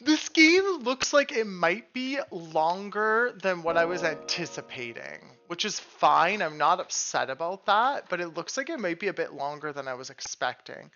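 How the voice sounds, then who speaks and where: A woman's voice: lowish voice, sing-song, moderate pace, hardly any pauses, sharp tone, lo-fi sound, soft background music. A woman streaming a video game live, chatting casually with her viewers, reacting aloud and reading on-screen text, and swearing freely.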